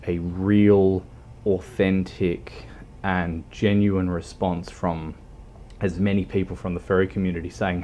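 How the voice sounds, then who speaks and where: Man, low pitch, casual livestream chat, halting rambling delivery, faint room noise. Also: a little mellow.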